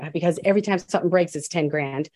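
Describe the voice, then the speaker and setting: A woman's voice: lowish voice, quick pace, darkish tone, dry recording. A woman guest telling her story in a candid, emphatic, blunt way, often restarting her sentences.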